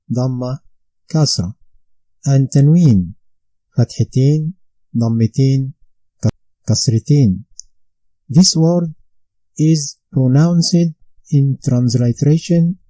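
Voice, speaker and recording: A man guiding learners through a recitation lesson, speaking slowly and carefully. His voice is mellow and warm, recorded dry and close with no room sound. He repeats each drill sound twice so that it sinks in. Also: mid-range voice, dry recording, rough recording. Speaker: Quran recitation teacher. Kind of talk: step-by-step instructional narration.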